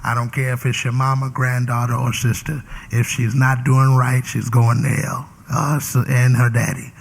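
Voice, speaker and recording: Gravelly-voiced playful preacher host. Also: male voice, mid-range voice, level tone, moderate pace, slight background noise. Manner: playful, preachy, Southern Black church vernacular. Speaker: talk show host and bishop. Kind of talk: casual interview chat.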